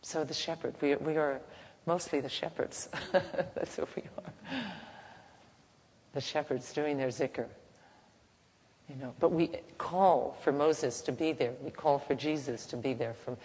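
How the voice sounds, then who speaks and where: A woman teaching in a gentle, unhurried, halting way, softly chanting at times, in a reverberant hall. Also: low-pitched, breathy edge. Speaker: spiritual teacher. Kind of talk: devotional teaching talk. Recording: reverberant hall, faint background noise.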